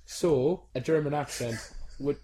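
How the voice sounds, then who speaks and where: A man co-hosting a comedy podcast, speaking in a hesitant, deadpan way full of ums. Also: on the high side, unhurried, poor audio. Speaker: podcast co-host. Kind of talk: improvised comedy banter.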